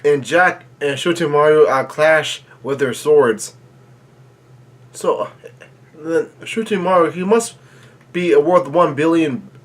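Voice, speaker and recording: A man hosting a live reaction, reading pages aloud haltingly with many fillers and bursting into excited remarks. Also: on the high side. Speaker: manga reaction channel host.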